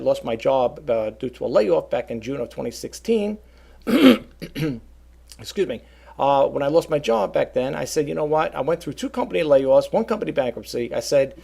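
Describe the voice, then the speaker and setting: A middle-aged man with a gravelly voice, talking casually and at length to his viewers, often repeating himself as he goes. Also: fairly high pitch, darkish tone. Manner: rambling, repeats words, talks straight to viewers. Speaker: online seller and vlogger. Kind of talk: casual talk to camera.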